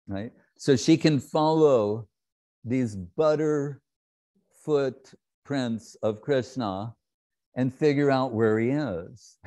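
Guy giving a devotional talk, takes his time, acts out the stories, laughs a lot. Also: mid-range voice. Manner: animated storyteller, acting out scenes, laughs often.

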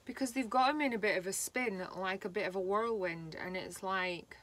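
A woman giving a slow, halting spiritual card reading, voicing feelings with emotion. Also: medium pitch, a bit bright. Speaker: tarot reader.

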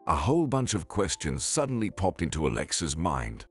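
Deep husky male story narrator. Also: sing-song, normal speed. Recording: faint background music.

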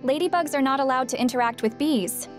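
A man's voice: very high-pitched, a little fast, soft background music, voice pushed up. A man voicing a sweet young ladybug girl. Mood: gentle. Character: gentle young female ladybug.

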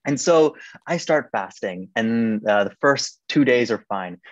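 A young man giving a personal faith testimony as a podcast guest in a casual, animated way, full of "like" and "um". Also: unhurried, dry recording. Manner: animated, acts out quoted voices with sharp rises in pitch; casual, many "like" and "um" fillers. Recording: dry, slightly dull podcast recording.

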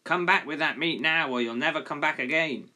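A man voicing an angry male farmer in a storybook reading, shouting after a dog. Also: fairly high pitch, fairly quick, pitched above the performer's own voice. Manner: shouting angrily.

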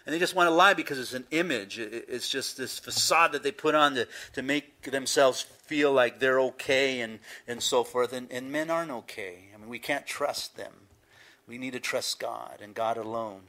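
A man's voice: mid-range voice, normal speed, pushed and bright. An older man, a pastor telling stories in a chatty sermon. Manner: storytelling, chatty, many "you know"s.

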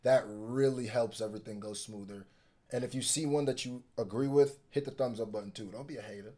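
A man hosting a couples reaction video, chatting in a relaxed, enthusiastic way with many fillers. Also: mid-range voice, brisk. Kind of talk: casual reaction commentary.

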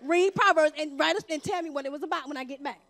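A woman giving a fervent sermon testimony in a church, emphatic and exhorting, breaking into shouts of praise. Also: high voice, quick pace. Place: church sanctuary.

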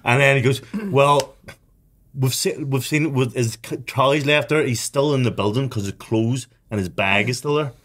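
A man's voice: mid-range voice, normal speed, fairly bright tone. A young man, telling a story as a podcast co-host, with lots of swearing and laughter. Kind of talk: casual chat, storytelling.

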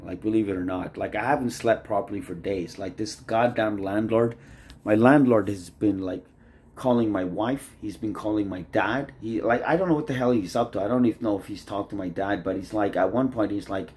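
A man with a lowish, mellow voice rambles through a casual vlog monologue. He strings thoughts together with endless "like"s, and his voice sinks quieter as sentences trail away. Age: adult, married. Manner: rambling, loose, leans on "like" constantly. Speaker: vlogger.

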